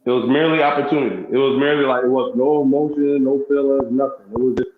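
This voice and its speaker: A man's voice: medium pitch, fairly even intonation, fast. A man who is a guest on a talk show, speaking in a frank, laid-back, repetitive way. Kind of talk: casual chat. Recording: echoey, muffled room sound.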